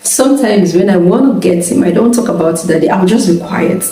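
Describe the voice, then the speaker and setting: A woman's voice: fairly low pitch, expressive, brisk, warm tone. Married woman giving marriage advice, echoey. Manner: earnest, repeats "okay?" often. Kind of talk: casual advice talk to camera. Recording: echoey room, distant mic, faint music.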